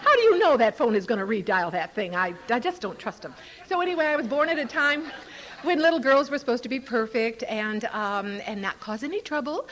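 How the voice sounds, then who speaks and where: An older woman speaking at a recovery convention before a live audience, an animated, playful storyteller who laughs often. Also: fairly high pitch, a little fast. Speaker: Al-Anon speaker.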